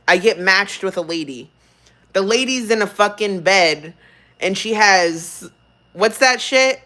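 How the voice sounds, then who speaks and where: A woman's voice: medium pitch, sharp tone. A young woman streamer ranting casually on a livestream, swearing freely, rambling and laughing often.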